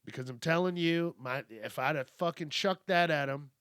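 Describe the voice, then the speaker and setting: A man hosts a podcast, spinning a casual story with a wry, profane edge. His voice sits a little high and has a forceful, bright ring. The sound is close and dry. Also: moderate pace, clean tone, no echo. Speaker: podcast host.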